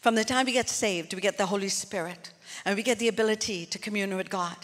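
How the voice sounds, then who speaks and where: A woman's voice: medium pitch, fast talker, fairly bright tone. A woman pastor preaching a sermon in an earnest, conversational way, turning often to the congregation with asides. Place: church hall. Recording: long hall reverb.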